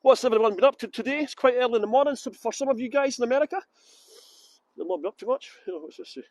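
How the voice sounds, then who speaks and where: A man's voice: very high-pitched, racing, dry recording. A middle-aged Scottish man giving a live walking tour on city streets, joking cheekily and greeting viewers, speaking into a phone on a gimbal. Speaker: tour guide. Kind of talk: livestreamed walking tour chat.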